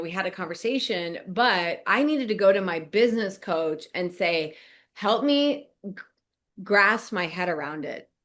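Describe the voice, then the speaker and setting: A middle-aged woman from Nebraska, co-hosting a podcast and telling a story casually, acting out quoted lines and laughing often. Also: mid-range voice. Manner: animated, laughs often, acts out quoted dialogue. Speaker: podcast co-host, business coach.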